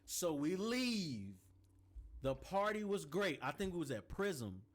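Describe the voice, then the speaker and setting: A man on a podcast telling a story in casual chat, animated and slangy with lots of asides. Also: on the high side, takes it slowly.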